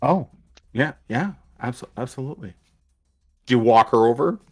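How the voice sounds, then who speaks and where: A man acting as dungeon master, narrating and voicing characters in a tabletop game, with a halting way of talking and many restarts. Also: medium pitch, expressive, husky, soft background music.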